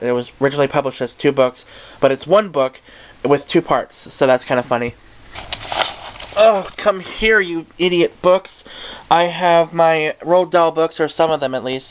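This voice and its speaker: A young man chats his way along his bookshelf, excitable and a little tongue-tied, tossing in casual swears. His voice sits a touch high and comes through clean and crisp in itself. The sound is tinny and narrow, like a cheap webcam or phone line. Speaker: book vlogger. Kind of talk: casual unscripted bookshelf tour.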